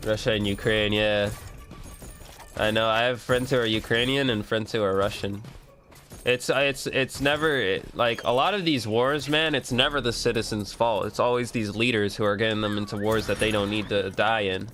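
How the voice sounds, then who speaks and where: A man's voice: fairly low pitch, moderate pace, fairly bright tone. A man streaming a video game, chatting casually, cursing now and then, and reading the game's prompts aloud. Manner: laid-back, swears, reads game prompts aloud. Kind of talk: casual gameplay commentary.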